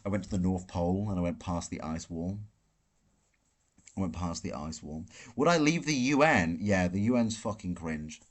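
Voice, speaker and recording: A man's voice: sits low, animated, normal speed. A man hosting a live Q&A stream from a hotel room, answering chat questions in a brash, profane, ranting way. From Britain. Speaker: livestream host.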